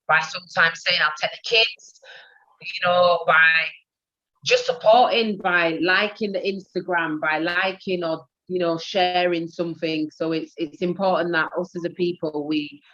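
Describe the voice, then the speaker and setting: Bright, earnest woman on lo-fi audio. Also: lowish voice. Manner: earnest, encouraging, community-minded. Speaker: guest speaker. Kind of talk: earnest talk. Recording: dull lo-fi sound.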